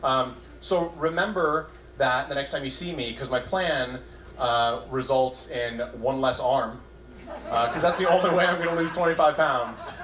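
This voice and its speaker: Onstage at a comedy club with a live crowd, a self-deprecating young comedian from Southern California works through his set in halting bursts with restarts. His medium-pitched voice sounds fairly bright, while the echoey room adds faint audience noise and slight hiss or hum.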